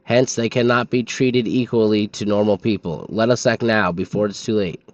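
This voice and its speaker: A man's voice: on the low side, normal speed, dry recording, lo-fi sound. A man streaming a game, reading its in-game documents aloud in a sleepy manner and stumbling over foreign names.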